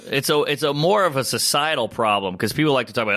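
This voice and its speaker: A man, a comedian from the United States, telling stories in casual podcast chat, animated, acting out voices and swearing freely. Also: medium pitch, fast talker. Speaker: stand-up comedian, podcast guest.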